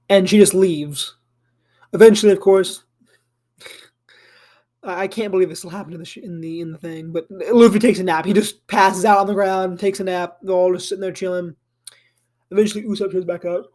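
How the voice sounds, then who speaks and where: A man's voice: high-pitched, steady tone, fairly quick, darkish tone. A man casually retelling an anime fan story at home, rambling with lots of fillers and casual swearing, sounding a little tired and yawning. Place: home room.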